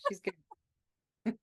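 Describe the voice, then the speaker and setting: A woman co-hosting a podcast in casual chat, with dry, sardonic quips. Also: very slow. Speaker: podcast co-host.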